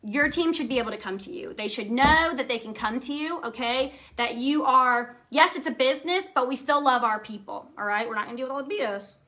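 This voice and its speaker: A woman's voice: sits high, fairly quick, hardly any pauses, bright, forceful tone. A young adult woman giving an emphatic, upbeat motivational live talk to her sales team, often checking in with "okay?" and "right?".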